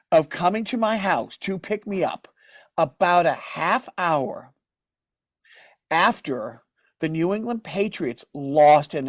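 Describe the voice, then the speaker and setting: A man's voice: high voice, no echo. A man hosting a podcast, telling a long, rambling story in casual chat and acting out other people's lines. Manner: rambling storyteller, many restarts; animated, acts out others' lines. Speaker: podcast host.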